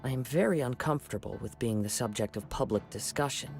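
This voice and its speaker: Man playing a calm young game swordsman, measured, gravelly edge. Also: medium pitch, faint music behind, natural voice. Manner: measured, soft-spoken. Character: calm, reserved young male wandering swordsman.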